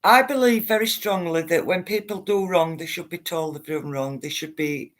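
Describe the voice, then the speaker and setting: Chatty woman, low-pitched. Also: moderate pace. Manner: chatty, rambling, addresses viewers as guys and love. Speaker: livestream host reading viewer comments. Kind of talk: casual livestream chat to viewers.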